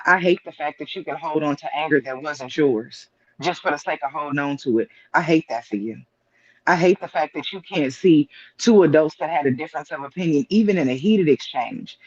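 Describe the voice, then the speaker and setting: Emphatic high-voiced man ranting. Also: brisk, no echo. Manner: emphatic, repeats rhetorical questions. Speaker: guest on live stream. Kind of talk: casual opinion talk. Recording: dull lo-fi stream audio.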